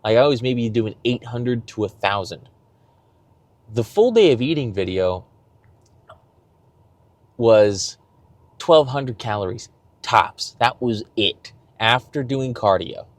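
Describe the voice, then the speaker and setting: A man's voice: mid-range voice, expressive, slow, long pauses, dry recording. A young man talking casually in a diary-style fitness vlog, rambling and swearing freely as he restarts his sentences. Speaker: fitness vlogger.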